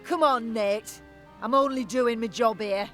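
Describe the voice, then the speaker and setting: An actress playing a gruff female orc bounty hunter in a video game, curt and threatening. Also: on the high side, a little slow, soft background music, lightly acted.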